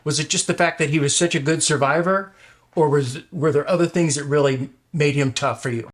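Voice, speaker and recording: A man's voice: fairly high pitch, fairly quick. A male interview host asking questions in a casual, loose way, with restarts and fillers.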